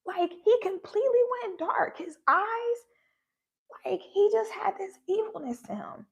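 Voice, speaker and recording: High, gravelly-voiced woman telling a story. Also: unhurried, muffled recording. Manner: earnest, animated retelling with acted quotes. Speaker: spiritual livestream host. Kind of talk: personal storytelling on a livestream. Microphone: phone livestream.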